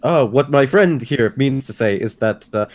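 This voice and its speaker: Smooth-talking male tabletop player. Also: mid-range voice, lively intonation, moderate pace, darkish tone. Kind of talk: in-character tabletop play.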